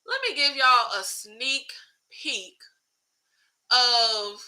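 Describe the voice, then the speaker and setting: A woman hosts a casual livestream with a high, very bright voice. She talks in an animated way, swears freely and answers viewer comments. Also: very slow, poor audio. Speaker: YouTube host.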